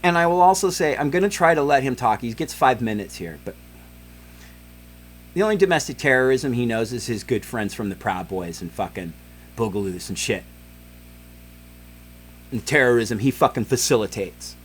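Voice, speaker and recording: A man's voice: mid-range voice, lively intonation, moderate pace, long pauses, slight background noise. A man in his forties hosting a podcast, ranting in heated, profane political commentary with many fillers. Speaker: podcast host.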